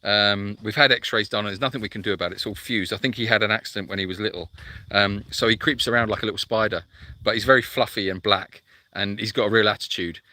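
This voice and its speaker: A man's voice: fairly low pitch, steady tone, quick pace, bright, forceful tone, dry recording. A man hosting a live sanctuary chat, reading out viewer comments and answering in a chatty, rambling way full of fillers.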